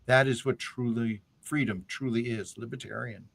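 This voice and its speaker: A man reading the lines of a cruel, scheming undead lich queen in a slow, measured, menacing way. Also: mid-range voice, gravelly, breathy edge. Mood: cold menace.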